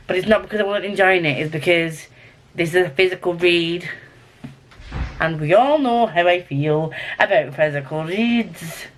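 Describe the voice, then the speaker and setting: A young woman with a Scottish accent chatting casually to camera about her books, rambling and excitable. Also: fairly low pitch. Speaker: book vlogger.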